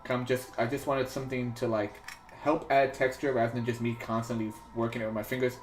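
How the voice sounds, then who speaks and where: A man talks loosely as he sculpts on a livestream from a New York home studio, wandering through his thoughts with frequent fillers and false starts. He speaks fairly quickly at a medium pitch that barely moves. There's roomy echo and some faint music in the background.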